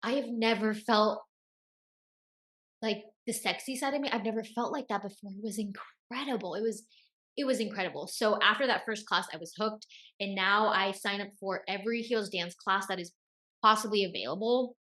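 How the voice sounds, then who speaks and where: A woman's voice: mid-range voice, moderate pace, pushed and bright. A young woman hosting a self-help video, giving casual motivational advice and repeating key phrases for emphasis.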